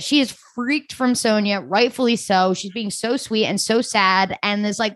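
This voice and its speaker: A woman's voice: medium pitch, moderate pace, hardly any pauses, a bit bright, no room sound. Chatty woman podcast co-host, dry sound. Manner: chatty, laughs often, acts out quotes. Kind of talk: casual chat.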